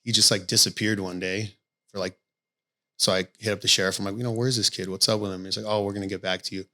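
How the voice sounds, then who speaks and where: A man speaking in a somewhat low register, chatting casually on a podcast. He coaches boxing and tells his stories bluntly, with plenty of swearing. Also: little pitch movement, quick pace, pushed and bright. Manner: candid storytelling with frequent swearing.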